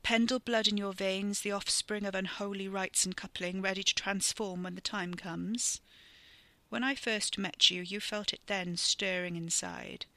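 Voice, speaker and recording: A storyteller voicing a cold, wily old male wizard who talks in a calm, knowing way. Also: mid-range voice, unhurried, no echo.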